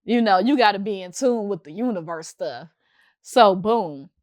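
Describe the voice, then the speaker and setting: With a medium-pitched voice at a moderate pace, a young woman hosts a podcast. She recounts a story in a loose, lively way, frequently laughing and performing other people's lines.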